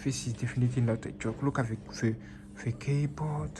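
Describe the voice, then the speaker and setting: A man's voice: medium pitch, steady tone, brisk, background noise. A man filming an unboxing vlog on a phone, exclaiming in disbelief and repeating himself. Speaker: vlogger. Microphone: phone camera.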